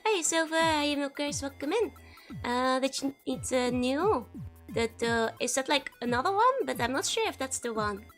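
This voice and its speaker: A woman with a high voice and a Dutch accent chats with her stream, bubbly and quick to laugh. Her voice is hoarse and a little cracked from being sick. Faint music plays underneath. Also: expressive. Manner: bubbly, laughs often, greets chat by name. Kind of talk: casual live-stream chat.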